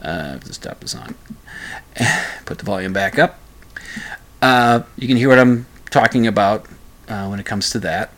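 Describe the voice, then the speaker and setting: A man's voice: fairly low pitch, expressive, unhurried, pauses often, fairly bright tone. A man hosting his own podcast, talking casually on his own, stopping and restarting often and repeating small words as he thinks aloud. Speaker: podcast host. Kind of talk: casual solo podcast talk.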